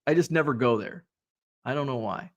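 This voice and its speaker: A man's voice: medium pitch, brisk, highs cut off. A man hosting a casual livestream, rambling with fillers as he reads viewer comments aloud. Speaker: livestream host reading chat.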